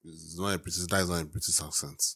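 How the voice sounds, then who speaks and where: Low-voiced man thinking aloud. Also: fairly even intonation, vocal fry, sharp tone. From Africa. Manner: musing, thinks aloud with pauses. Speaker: reaction video host. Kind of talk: casual reaction commentary.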